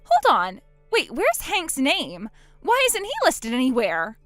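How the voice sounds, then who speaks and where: A woman's voice: high-pitched, huge pitch swings, slow, fairly bright tone, no echo, faint music behind, exaggerated voice. A woman voicing a boastful, spiteful young woman who mocks her sister in a text-story drama. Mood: shocked. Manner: smug, mocking, gloating.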